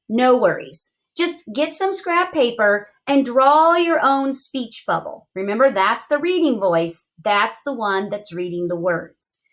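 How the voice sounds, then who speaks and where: Reading aloud to young children, a woman whose voice is a little high poses questions expressively and encouragingly as she teaches the lesson.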